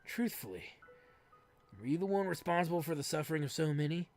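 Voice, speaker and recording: A woman voicing a serious grown man who questions gravely and in a measured way, over faint game music. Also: low-pitched, expressive, a little mellow.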